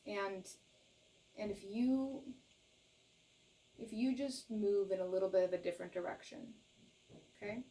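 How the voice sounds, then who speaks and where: A woman's voice: mid-range voice, steady tone, a little slow, pauses often, warm tone, recorded from a distance, low-quality recording. Earnest woman tarot reader, slightly off-mic. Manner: earnest, reassuring, often adds "okay?"; gushes with emotion. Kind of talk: tarot reading to camera.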